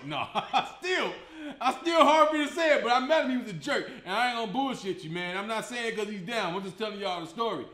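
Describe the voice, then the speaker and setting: High, bright-voiced comedian in an echoey room. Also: male voice, fairly quick. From Chicago, USA. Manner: animated, profane, laughing often. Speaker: comedy show host and stand-up comedian. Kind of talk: casual comedic monologue.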